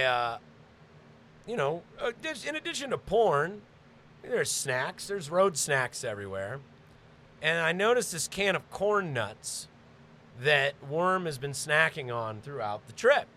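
Man, podcast host, high bright gravelly voice, lively, faint hiss behind. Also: measured pace, pauses often. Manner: animated, shouts when reenacting. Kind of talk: crude comedic storytelling.

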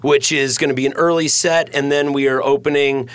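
A man's voice: medium pitch, fairly even intonation, a little fast, a bit bright, clean tone, no room sound. A man co-hosting a podcast in casual chat from a studio, rambling through jokey stories and laughing often. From United States. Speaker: podcast co-host.

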